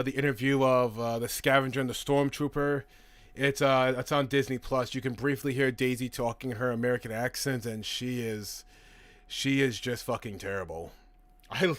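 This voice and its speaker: A man's voice: mid-range voice, fairly bright tone, dry recording. A man hosting a casual live stream, reading out and answering chat questions in a chatty, profane way, laughing easily.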